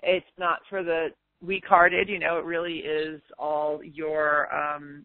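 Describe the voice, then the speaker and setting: A woman's voice: deep voice, fairly even intonation, moderate pace, few pauses, dry recording. A woman in her fifties, a guest in a podcast interview, talking in an upbeat, emphatic, self-assured way. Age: 50s. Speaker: guest author. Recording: tinny phone line, dry.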